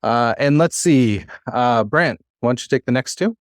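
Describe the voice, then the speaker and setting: Male teacher, patient and encouraging, mid-pitched, dry recording. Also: lively intonation, normal speed, no room sound. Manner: patient, encouraging, filler-heavy. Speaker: Hebrew teacher. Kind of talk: classroom teaching. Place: classroom.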